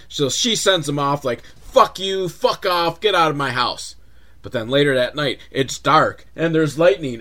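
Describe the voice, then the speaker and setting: A man's voice: fairly high pitch, a bit bright. A man hosting a comedic movie recap, sarcastic, profane and rambling. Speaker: host, film reviewer.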